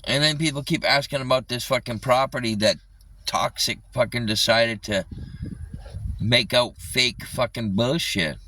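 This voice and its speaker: Man, livestreamer, furious rant, heavy swearing, bright tense tone, dry sound a bit off the phone mic. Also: mid-range voice, unhurried, distant mic, poor audio. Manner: angry, swearing constantly, repeats himself. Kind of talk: ranting live stream.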